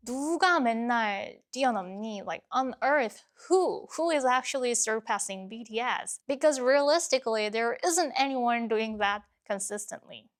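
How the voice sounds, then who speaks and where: A woman with a fairly high voice teaches a language, walking through grammar point by point. Her delivery is clear and patient, like a lesson clip. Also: animated, brisk, few pauses. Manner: clear, patient, explains word by word. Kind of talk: explanatory lesson narration.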